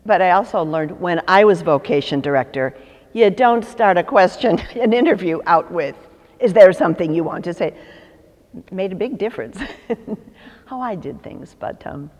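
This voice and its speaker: A woman's voice: low-pitched, darkish tone, long reverb tail. A woman in her sixties from Chicago, a religious sister telling stories in an interview, acting out the voices she quotes and laughing often. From Chicago, USA. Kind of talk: storytelling in an interview.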